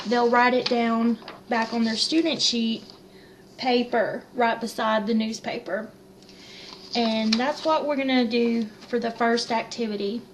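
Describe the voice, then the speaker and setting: Young female teacher explaining a lesson plan; slow, slightly high delivery. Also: slight background noise, low-quality recording. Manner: unhurried and plain, with fillers.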